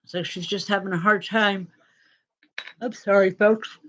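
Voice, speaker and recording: A woman spiritual medium giving live-stream spirit readings to viewers, speaking in a gentle, reassuring way with pauses and fillers. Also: medium pitch, steady tone, slight background noise, rough recording.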